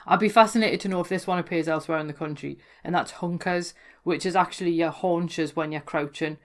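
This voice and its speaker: A woman's voice: lowish voice, brisk. A woman with a Geordie accent, explaining local dialect words in a chatty, amused way that often corrects itself. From North East England. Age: adult, worked in London before. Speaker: folklore blogger explaining dialect. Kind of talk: casual educational talk.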